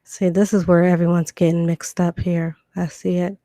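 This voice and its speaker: A woman's voice: fairly low pitch, level tone, normal speed, dark tone, no echo, studio quality. A woman with a Southern US accent from Virginia with a Georgia twang hosts a casual live stream, chatty and loose with many fillers and restarts, while reading out dictionary definitions at home. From Virginia and Georgia, USA. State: recovering from illness. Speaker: livestream host.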